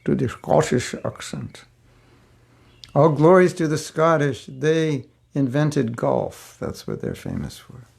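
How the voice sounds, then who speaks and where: A man's voice: a little high, big pitch swings, slow pace, vocal fry, darkish tone, slightly rough. An older man giving a spiritual class, telling a personal story in a rambling, conversational way with many fillers. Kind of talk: casual storytelling lecture.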